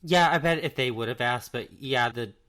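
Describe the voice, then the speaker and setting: A man's voice: medium pitch, moderate pace, pushed and bright. Casual man co-host telling a story. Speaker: podcast co-host. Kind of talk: casual chat.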